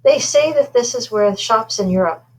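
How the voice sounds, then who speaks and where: A woman reading aloud, voicing a cheerful, determined mother who chats brightly with her daughter. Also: on the high side, lively intonation, normal speed, pitched above the performer's own voice, lightly acted, low-quality recording.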